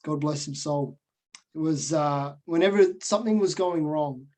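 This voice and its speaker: Australian male host, chatty and rambling, somewhat higher voice. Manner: warm, rambling, with halting restarts. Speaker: podcast host. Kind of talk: casual podcast interview.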